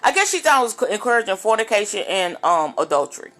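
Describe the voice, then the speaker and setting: Lively, bright-voiced woman minister. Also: mid-range voice, fast. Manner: animated, preachy, talks straight to viewers. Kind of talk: casual vlog monologue.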